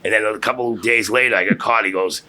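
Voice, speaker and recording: A man, a podcast guest telling rambling, animated stories and laughing through them. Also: lowish voice, quick pace. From Boston area. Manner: rambling, animated storyteller who laughs through his tales. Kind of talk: casual storytelling chat.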